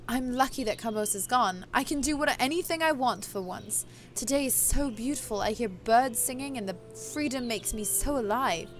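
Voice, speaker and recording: A woman reading the lines of a gentle, hopeful young heroine in a visual novel, soft and earnest. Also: a little high, animated, normal speed, hardly any pauses, faint music behind, lightly acted. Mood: dreamy.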